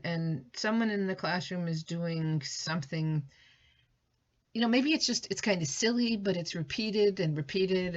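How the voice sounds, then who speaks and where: A woman's voice: on the low side, muffled recording. A woman teacher giving a recorded lesson in a conversational way, thinking aloud with fillers and restarts.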